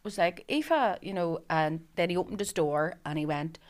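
A young woman with a Northern Irish accent from Belfast, telling a lively, swearing story as a podcast co-host. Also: fairly low pitch, moderate pace. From Belfast, Northern Ireland. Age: young adult. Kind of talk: casual chat.

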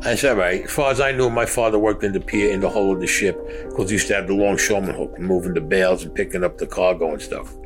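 A man's voice: deep voice, quick pace, music in the background. A man recounting a personal story in a blunt, profane, street-talk way. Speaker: interviewee.

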